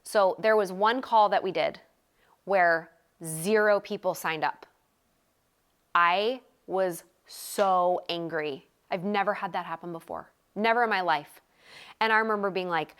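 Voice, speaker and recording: A woman in her thirties coaching a group on a live video call, talking energetically in quick bursts and repeating phrases for emphasis. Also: on the low side, a bit bright. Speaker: sales coach.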